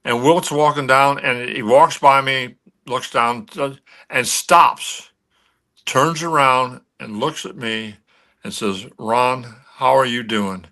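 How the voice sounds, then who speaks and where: An older man, a former pro athlete, telling anecdotes as a guest on a sports talk show, animated and full of restarts. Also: medium pitch, slow.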